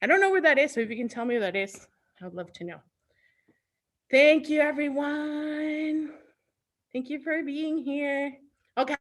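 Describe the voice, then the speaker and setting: A woman's voice: sits high, moderate pace, pauses often. A woman youth services librarian hosting a live online storytime, coaxing and talking directly to young children.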